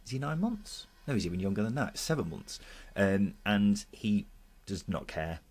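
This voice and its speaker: Jokey English podcast host, husky low voice. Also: male voice, sing-song, normal speed, a little mellow. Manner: jokey, upbeat presenter who reads out listener comments. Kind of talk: casual football podcast chat.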